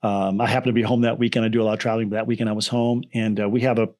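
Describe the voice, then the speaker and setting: A middle-aged man, the founder of a nonprofit, telling a story as a guest in an interview in an earnest, animated way, often restarting his phrases. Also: lowish voice, racing.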